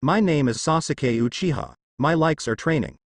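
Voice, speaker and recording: A man's voice: a little high, animated, normal speed, no room sound, studio quality. A man voicing a cold, curt, vengeful teenage ninja boy in a fan fiction reading.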